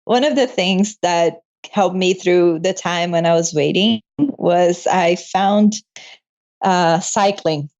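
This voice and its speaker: Young adult woman, med student guest; warm-hearted, laugh-prone storyteller, slightly muffled recording. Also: on the low side, slow pace. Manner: emotional, laughs often, animated retelling. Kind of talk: casual interview storytelling.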